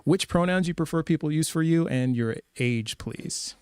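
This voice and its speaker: Man, livestream host, slightly high voice, dry close sound, emphatic casual talk. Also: normal speed, clear, resonant tone, no room sound. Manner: animated, emphatic, repeats words. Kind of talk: casual chat.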